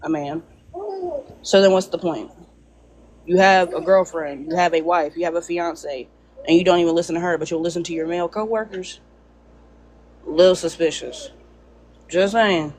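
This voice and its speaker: High-voiced man making a teasing point. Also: fairly even intonation, normal speed, pauses often, darkish tone, slight background noise. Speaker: panelist. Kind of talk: casual live discussion.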